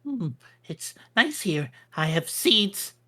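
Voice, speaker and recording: A man voicing a small, timid male squirrel in a tabletop game, speaking in halting, childlike short phrases. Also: high voice, big pitch swings, bright, forceful tone, pitched above the performer's own voice, exaggerated voice. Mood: curious. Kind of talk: improvised character voice in a tabletop game.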